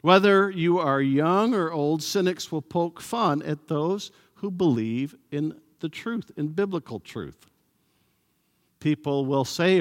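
A man preaching a sermon as pastor, slow and emphatic, sometimes acting out sarcastic voices. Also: on the high side. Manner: animated, acts out sarcastic voices; slow, emphatic delivery with pauses. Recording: long hall reverb.

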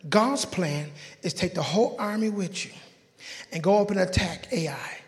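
High-voiced, fervent preaching man. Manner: fervent, breaks into excited yelling, jokes with the congregation. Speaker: pastor. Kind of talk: sermon. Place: church sanctuary. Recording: long church hall reverb.

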